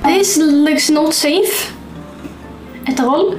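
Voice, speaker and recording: A woman's voice: sits high, extremely slow, roomy sound, music in the background. A woman streamer reacting to videos in casual, giggly commentary, often exclaiming and laughing.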